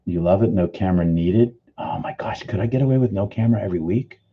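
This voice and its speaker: A man's voice: fairly low pitch, fast talker, slightly rough, narrow, tinny audio. A man from the Boston area giving an earnest, reflective spiritual teaching on a live stream, answering viewers' comments by name. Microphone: studio microphone.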